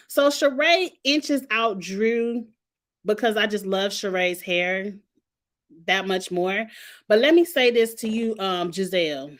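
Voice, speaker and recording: A woman's voice: medium pitch, slow. Woman, forties, vlogger; casual, sassy, candid delivery, playfully shady. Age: 40s. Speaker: vlogger reviewing reality TV fashion. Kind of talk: casual commentary vlog.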